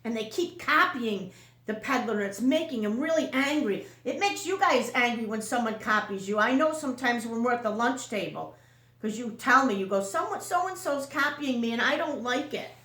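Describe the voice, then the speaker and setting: A woman teacher reading a picture book aloud to children, slowly, often stopping to ask them questions. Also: fairly high pitch, expressive, a bit bright, roomy sound. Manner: slow, questioning storytime delivery.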